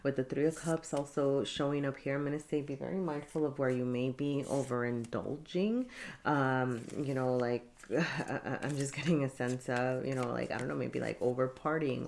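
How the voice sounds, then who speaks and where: A woman's voice: extremely low pitch, a little mellow, a little hiss or hum. A woman giving a casual tarot reading, chatty and laughing often, with many fillers. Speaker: tarot reader.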